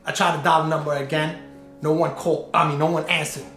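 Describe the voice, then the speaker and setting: A man's voice: a little high, flat delivery, fast, a bit bright, reverberant, soft background music. A man vlogging, retelling a frustrating errand in a rambling, exasperated way with many restarts. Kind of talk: casual storytelling to camera.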